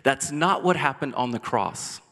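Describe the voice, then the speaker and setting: A man preaching a sermon as pastor, rising to intense cries and dropping to soft, quiet lines. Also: medium pitch, animated, unhurried. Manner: passionate preaching, builds to loud cries then drops soft. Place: church sanctuary. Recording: long church hall reverb.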